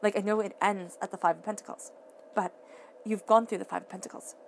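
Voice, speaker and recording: Earnest woman tarot reader, gravelly fry. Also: medium pitch, steady tone, a little fast, slight background noise. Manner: earnest, repeats and restates phrases; emphatic, talks straight to the listener. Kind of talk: casual tarot reading to camera.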